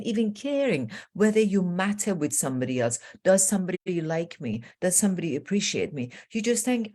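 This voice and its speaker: A middle-aged woman life coach telling stories in an interview, acting out what people said with sudden jumps in pitch. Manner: lively storyteller, acts out quotes with jumps in pitch. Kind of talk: animated storytelling in a podcast interview.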